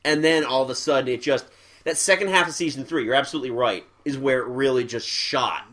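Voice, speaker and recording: A man's voice: mid-range voice, fast, a bit bright. A man in casual chat, enthusiastic and laughing often.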